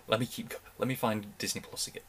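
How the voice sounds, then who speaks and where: Low-voiced man rambling a fan reaction. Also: a bit bright, slight background noise. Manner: rambling, restarts sentences, enthusiastic fan talk. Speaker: reaction video host. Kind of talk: casual reaction commentary.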